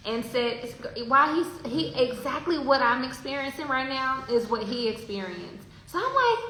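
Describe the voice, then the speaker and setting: Brief: animated woman, bright and a little high, telling a story in a very echoey room. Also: normal speed. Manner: animated, laughing often, spiritual. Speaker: traveler sharing a story. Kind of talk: casual storytelling chat. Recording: very echoey room with faint hiss.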